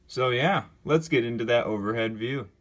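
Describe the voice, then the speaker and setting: Young man, casual show-and-tell, rambling, filler words, average pitch. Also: moderate pace, fairly bright tone. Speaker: LEGO builder showing his creation.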